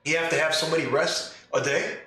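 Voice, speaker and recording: Blunt, forceful man in an echoey room. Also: fairly high pitch, steady tone, a little fast. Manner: blunt, emphatic rhetorical questions. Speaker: podcast host and dungeon master. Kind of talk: casual opinion monologue. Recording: very echoey room, distant mic, faint music.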